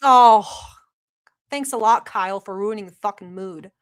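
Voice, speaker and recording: A young woman runs a livestream in a satirical spirit, sarcastic and rambling, mock-earnest, leaning heavily on fillers. She speaks unhurriedly in a clear, resonant, mid-range voice.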